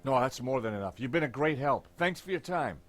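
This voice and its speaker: A man's voice: mid-range voice, animated, a little fast, soft background music, natural voice. An actor voicing a confident, wry adult male investigator in a video game.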